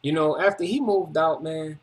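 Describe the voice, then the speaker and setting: A man's voice: fairly high pitch, moderate pace. A man vlogging a personal story in a casual, rambling monologue, agitated, repetitive and full of slang.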